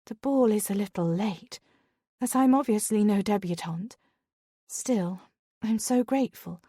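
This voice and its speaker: A woman reading a romance audiobook, voicing a strong-willed young lady with a wry, warm, gently playful manner. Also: medium pitch, a little slow, husky, no room sound, clean studio sound.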